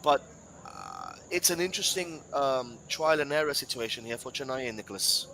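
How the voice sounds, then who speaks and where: A man's voice: mid-range voice, normal speed, a little hiss or hum. A man commentating live football, chatty and playful, whose first language is Spanish. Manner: chatty, playful, rising to excited shouts at big moments.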